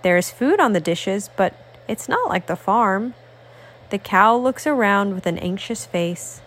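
Slow sing-song woman reading a picture book. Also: medium pitch, lively intonation, a bit bright. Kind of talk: picture-book read-aloud.

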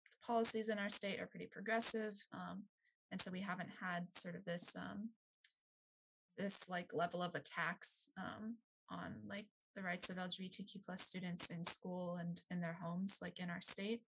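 A woman's voice: on the low side, flat delivery, moderate pace, vocal fry, slight background noise, rough recording. A woman talking as a guest on a casual podcast, hesitant, with many fillers and light laughs. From Maryland, US. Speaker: guest, youth outreach director.

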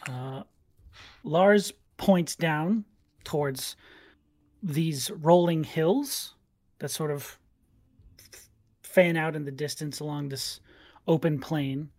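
Relaxed man narrating a tabletop game. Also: on the high side, slow, pauses often, no echo, studio quality. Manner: relaxed, hesitant with fillers. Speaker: game master.

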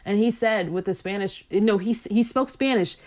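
A woman's voice: medium pitch, normal speed. Woman minister, casual faith talk; rambling, filler-heavy, emphatic when fired up. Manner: chatty, rambling with many fillers; animated, preachy emphasis.

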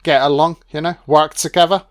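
A man's voice: fairly high pitch, steady tone, fairly quick. A man giving a casual, profane audio commentary on a film, chatting loosely and laughing often.

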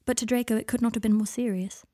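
A woman podcast host reading her fan fiction aloud in a soft, even storytelling manner. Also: on the high side, fast talker, dry recording, clean studio sound.

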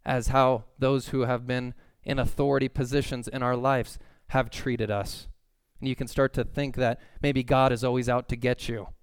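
A man in his thirties preaching a sermon in an earnest, conversational way, with sudden excited outbursts. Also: mid-range voice, clear, resonant tone, no echo, clean studio sound. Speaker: pastor.

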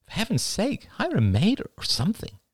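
A man's voice: high voice, huge pitch swings, fairly quick, slightly rough, no echo, clean studio sound, pitched above the performer's own voice, heavily acted. A man voicing a hesitant young niece. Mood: uneasy. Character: young woman, uneasy, worried niece.

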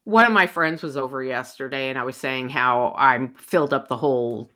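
A middle-aged woman co-hosting a podcast in casual chat, telling animated stories with a lot of swearing. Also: rumbling low, normal speed. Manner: animated storyteller, swearing, shrieking when retelling scares. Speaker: podcast co-host.

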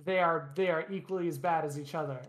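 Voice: medium pitch, fairly even intonation, fast talker. A young adult co-hosting a casual podcast chat, handing out blunt, dismissive opinions. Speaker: podcast co-host.

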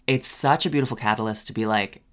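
A man's voice: on the low side, quick pace, fairly bright tone. A Canadian drag queen co-hosting a podcast, reflective and rambling, with many I don't knows. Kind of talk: casual podcast chat.

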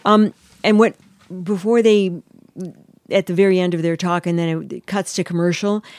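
A woman co-hosting a podcast, gossiping about a TV show with catty, animated storytelling. Her voice sits a little low, and the recording is dry and close. She slips into quick put-on voices when quoting people. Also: no room sound. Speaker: podcast co-host. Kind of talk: casual chat recapping a TV show.

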